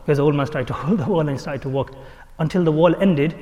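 A man's voice: fairly high pitch, fast, big-room sound. A man teaching as a religious speaker, telling stories animatedly and acting out the people he quotes, with frequent restarts. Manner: animated storyteller who acts out quoted speech, with frequent restarts. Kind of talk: storytelling sermon.

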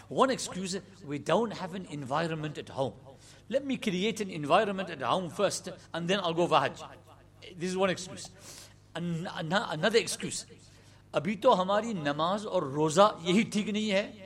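A man's voice: sits high, fairly bright tone. A man preaching a sermon in an earnest, emphatic way, reciting Arabic and quoting Urdu phrases. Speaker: Islamic preacher.

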